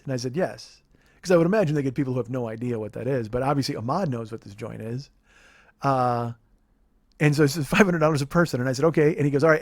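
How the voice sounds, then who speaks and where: Male podcast host, rapid-fire profane comic storyteller, dry close mic. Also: mid-range voice, no room sound. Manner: profane, rambling, animated storyteller. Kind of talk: casual comedic storytelling.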